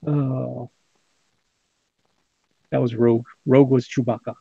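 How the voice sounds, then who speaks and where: A man's voice: medium pitch, little pitch movement, slow, gravelly, dark tone, husky, dry recording, highs cut off. A man hosting a casual livestream, reading chat comments aloud with jokes and laughter. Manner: jokey, laughs often. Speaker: livestream host.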